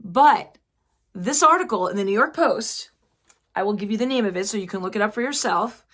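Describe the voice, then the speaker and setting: A woman chatting casually as she recaps a TV finale, slipping into quick quoted lines as she retells the scenes. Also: mid-range voice, expressive, fairly bright tone. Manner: chatty, acts out quotes in passing. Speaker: TV recap vlogger.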